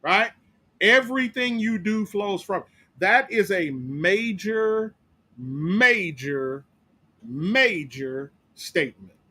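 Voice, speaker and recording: A man's voice: sits high, expressive, slow pace, bright, forceful tone, slightly rough. A man pastor teaching a Bible study, emphatic and repetitive, often asking "right?" to his listeners. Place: church.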